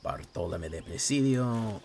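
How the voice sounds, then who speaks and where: A Latino man from a Latino family streams a card game, chatting casually and swapping between English and Spanish, with faint music behind him. His lowish voice is a little mellow and a little slow with lively intonation, and he talks loosely and profanely, saying "um" and "like" often.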